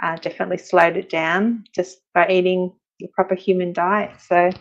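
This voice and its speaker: A woman's voice: lowish voice, flat delivery, normal speed, lo-fi sound. A woman chatting casually on a live stream as a guest, reading out viewer comments and talking about her own progress.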